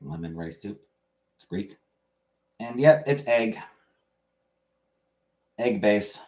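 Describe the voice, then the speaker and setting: A man's voice: fairly low pitch, expressive, takes it slowly, a little mellow. A man hosting a trivia night, repeating foreign food words as he stumbles over them and apologizes for his pronunciation.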